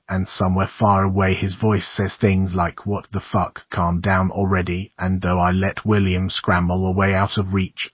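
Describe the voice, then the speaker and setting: Deep, husky male horror narrator. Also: no echo, highs cut off. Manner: intense, dramatic first-person reading. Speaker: audiobook narrator.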